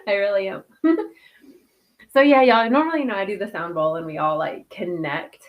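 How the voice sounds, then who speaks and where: A woman hosting a casual livestream who greets viewers by name, laughs often and leads a soft guided breathing meditation. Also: mid-range voice, moderate pace. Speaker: host.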